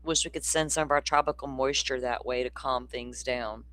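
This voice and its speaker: A true-crime stream host, hiccuping as they go, reads out viewer comments in a loose, rambling chat with a casual swear thrown in. Their mid-range voice is a bit bright, with fairly even intonation and a moderate pace.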